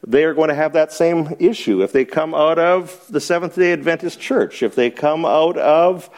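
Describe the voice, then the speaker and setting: A man's voice: a little high, moderate pace, darkish tone. Chuckling man teaching Bible study. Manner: chuckles often, asks rhetorical questions and answers them. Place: church meeting room with a small group.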